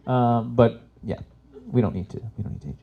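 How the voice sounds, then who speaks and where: A Canadian man in his forties hosts a workshop with chatty live stand-up comedy, swearing freely and laughing at his own jokes. His gravelly, medium-pitched voice moves fairly quickly, and the audio sounds narrow and tinny.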